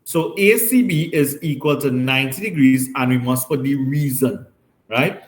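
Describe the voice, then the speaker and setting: A man's voice: medium pitch, normal speed. A man teaching a maths class, explaining step by step and often checking with "right?". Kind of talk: classroom lesson. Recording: roomy classroom echo.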